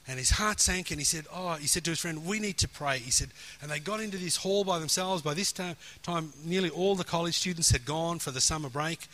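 A man preaching with animated, emphatic storytelling, acting out the lines of the people in his story. His voice sits high and sounds bright and forceful. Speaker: pastor. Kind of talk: sermon storytelling.

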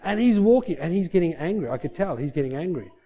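A man preaching a sermon, telling a story in a lively, animated way that rises into loud bursts. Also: fairly high pitch, fast talker, husky, highs cut off. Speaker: pastor.

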